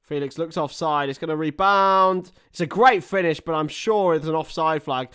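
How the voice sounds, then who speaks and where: A man's voice: fairly high pitch, normal speed, fairly bright tone, smooth. A man giving casual, chatty live commentary on a football match while talking to his viewers. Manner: chatty, reacts to viewer chat between play-by-play.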